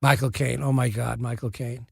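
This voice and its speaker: A man's voice: mid-range voice, flat delivery, moderate pace, gravelly, slightly rough, dry recording, studio quality. An older man, an actor and podcast guest, telling rambling, amused anecdotes. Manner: rambling storyteller, fond and amused. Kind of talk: conversational anecdotes.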